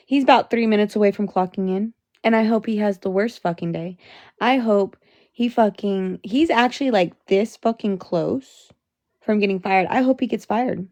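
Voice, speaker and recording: Brief: young woman livestreamer, angry profane venting, gravelly fry, dry close phone sound. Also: mid-range voice, moderate pace, darkish tone, dry recording. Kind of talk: livestream rant to chat.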